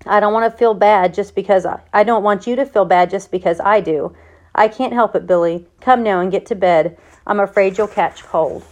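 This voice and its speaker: A woman voicing a gentle, worried country mother who speaks softly and comfortingly, in a plain reading of a storybook. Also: mid-range voice, moderate pace, lightly acted. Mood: tender.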